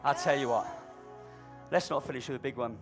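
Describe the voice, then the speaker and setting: A man's voice: mid-range voice, a little fast, gravelly, music in the background. A middle-aged man doing live stage comedy as a balloon performer, with cheeky, cajoling banter aimed at an audience volunteer.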